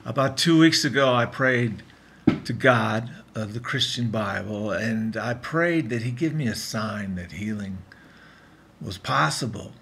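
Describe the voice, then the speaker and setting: A man's voice: lowish voice, animated, unhurried, gravelly, heavy background noise. A man in his fifties recording a casual video diary in his apartment, talking in an earnest, rambling way that keeps breaking off and restarting. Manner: rambling, earnest, self-interrupting. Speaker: vlogger.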